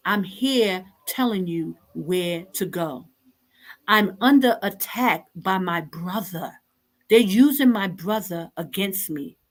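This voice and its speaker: A woman hosting an online talk show, scolding her listeners in an impassioned, exasperated and repetitive way. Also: mid-range voice.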